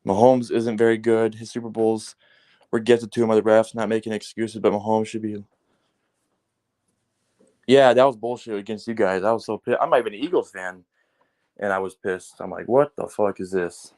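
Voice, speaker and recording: A man's voice: lowish voice, moderate pace, pauses often. A man in a casual, heated sports rant, cursing often and leaning on fillers like "like" and "man". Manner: profane, heated, animated ranting with frequent fillers.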